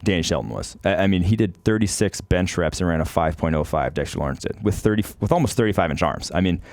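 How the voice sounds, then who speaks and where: A man on a casual sports podcast, talking through draft picks in a measured, analytical way. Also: sits low, darkish tone, dry recording.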